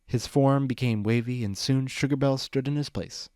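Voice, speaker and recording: A man narrates a fan fiction story in an even storytelling voice of middle pitch. The recording is close and dry, with no room sound. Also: moderate pace, smooth, no room sound. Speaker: reader.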